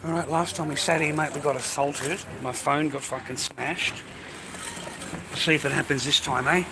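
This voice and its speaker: A fairly high-voiced man talks to his phone camera outdoors, rambling and swearing in a loose, blokey way. Traffic and street noise run clearly behind him. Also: fairly even intonation, moderate pace. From Australia. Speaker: vlogger. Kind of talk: casual street vlog. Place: outdoors by a street, food stall.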